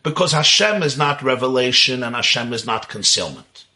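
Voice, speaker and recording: A man giving a religious lecture on Kabbalah, talking with animated intensity and posing rhetorical questions. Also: medium pitch, normal speed. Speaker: teacher of Kabbalah.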